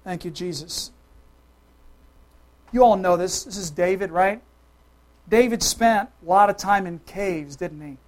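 A preacher giving a sermon, talking straight to the congregation with quick questions, swinging between loud emphatic calls and soft, hushed asides. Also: medium pitch.

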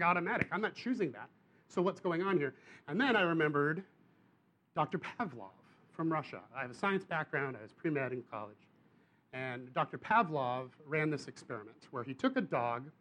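Man, preacher, animated sermon storytelling, slightly high voice. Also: fairly quick, a little hiss or hum. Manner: animated storytelling with rising bursts of emphasis.

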